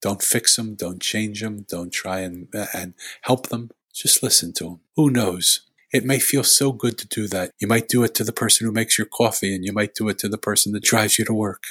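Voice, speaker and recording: Male guest, low husky voice, earnest storyteller, dry close sound. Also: steady tone, normal speed, few pauses, fairly bright tone, no echo. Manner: earnest, heartfelt retelling with quoted dialogue. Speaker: podcast guest, author. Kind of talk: storytelling in conversation.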